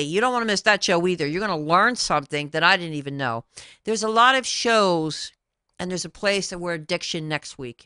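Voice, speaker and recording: A woman's voice: low voice, pushed and bright, clean tone, dry recording, clean studio sound. A woman hosting a talk show, addressing viewers directly in an emphatic, repetitive way as a credit consultant.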